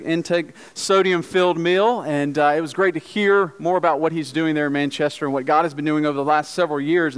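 A man from the home church introduces the visiting preacher in a friendly, informal way. His voice is smooth and resonant, pitched slightly high. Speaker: church pastor introducing a guest. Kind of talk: church announcement.

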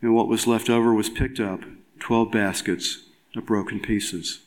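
Low-voiced man reading scripture. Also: fairly even intonation, low-quality recording. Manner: measured, formal reading. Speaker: scripture reader.

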